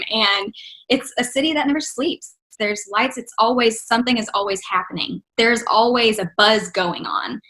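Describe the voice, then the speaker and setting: A woman's voice: a little high, pushed and bright. A young woman from Texas with a faint Texan accent, answering interview questions in an upbeat, enthusiastic way that is full of "you know" and "like". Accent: Texan, mostly trained out. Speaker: interview guest, actress and singer.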